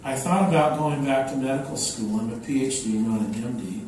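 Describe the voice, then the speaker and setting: An older man giving an unhurried, anecdotal talk to an audience, with many fillers, recorded from afar in a large echoey hall. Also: mid-range voice, darkish tone, recorded from a distance, a little hiss or hum. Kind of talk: public talk. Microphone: microphone, then unamplified.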